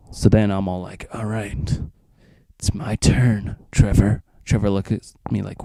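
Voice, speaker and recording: Teen vlogger, low mellow voice, rambling profane storyteller, dry close sound. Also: male voice, level tone, unhurried, creaky, dry recording. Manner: rambling, profane, acts out friends' lines. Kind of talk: casual storytelling.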